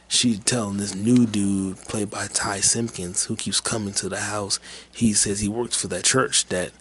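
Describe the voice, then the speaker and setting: A man's voice: fairly low pitch, gravelly, slight background noise. A man hosting a podcast, chatting casually and rambling with lots of fillers and profanity. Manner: rambling, profane, laid-back, with many fillers. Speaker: podcast host. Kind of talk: casual movie chat.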